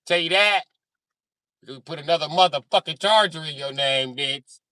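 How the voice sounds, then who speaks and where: A man voicing a shrill, cursing Eastern European girlfriend, shrieking in an argument. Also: normal speed, pushed and bright, no echo, clean studio sound. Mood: scolding. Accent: Eastern European (put on).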